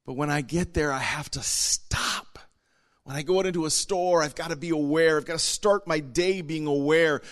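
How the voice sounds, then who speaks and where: A man preaching a sermon, animated, acting out little voices and dropping to a whisper for emphasis. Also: a little high, moderate pace. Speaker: pastor.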